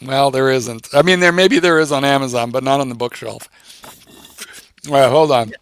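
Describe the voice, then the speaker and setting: A man co-hosting a livestream, telling a story in a casual, animated way and swearing freely. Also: mid-range voice, moderate pace, clear, resonant tone, no room sound. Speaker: co-host.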